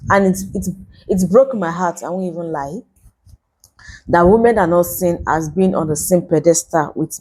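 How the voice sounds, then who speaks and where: A woman's voice: medium pitch, warm tone. Earnest Nigerian woman preaching to camera. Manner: earnest, preachy, repeats herself for emphasis. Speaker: vlogger.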